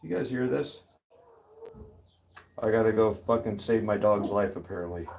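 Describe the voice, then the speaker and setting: A man's voice: fairly low pitch, expressive, moderate pace, creaky, pauses often, darkish tone, a little hiss or hum. Chatty man livestreaming from a workshop. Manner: chatty, talks straight to viewers as "guys". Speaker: livestreamer casting metal. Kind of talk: casual live commentary to viewers. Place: hot workshop. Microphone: phone livestream.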